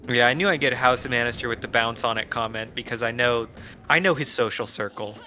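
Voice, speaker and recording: A man watching a friend play a video game, teasing him bluntly with quick jabs. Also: mid-range voice, bright, forceful tone, slight background noise. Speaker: gameplay co-commentator. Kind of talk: casual chat watching gameplay.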